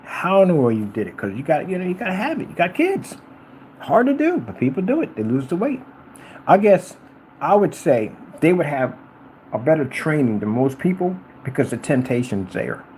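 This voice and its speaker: Animated rambling middle-aged man ranting. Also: a little high, normal speed, a little hiss or hum, low-quality recording. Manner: rambling and repetitive, addressing a rival directly. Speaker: vlogger. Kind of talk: ranting monologue to camera.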